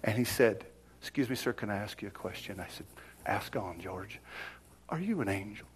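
A middle-aged man preaching a sermon, telling a personal story and swinging from whispers to loud exclaims. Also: fairly low pitch, expressive, moderate pace, slight background noise.

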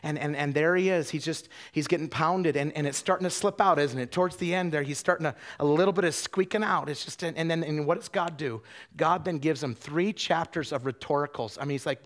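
A middle-aged man, an itinerant preacher, giving an animated sermon that swings from quiet and tender to loud, with many restarts of his words. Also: on the high side, fairly quick.

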